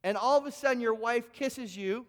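Very high-voiced man preaching in a hall. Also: normal speed. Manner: animated storytelling, acting out both sides of a dialogue; stammers and repeats words. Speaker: pastor. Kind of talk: sermon.

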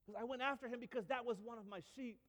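A man's voice: very high-pitched, steady tone, racing, in a large hall, voice pushed up. A man voicing an eager, earnest young shepherd boy who insists on telling his story.

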